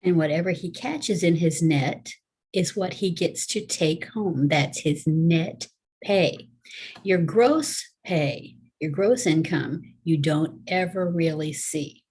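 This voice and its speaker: Low, husky-voiced teacher. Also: female voice, slow, a little mellow. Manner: chatty, folksy, explains step by step. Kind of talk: casual classroom video lesson.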